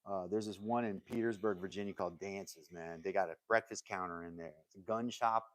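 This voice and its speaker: Male live-stream host, low-pitched, dry close sound, loose jokey banter aimed at his chat. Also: fairly even intonation, fairly quick, hardly any pauses, a bit bright, no room sound. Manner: joking, rambling, laughs often and talks straight to chat. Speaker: livestream host. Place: home woodworking workshop.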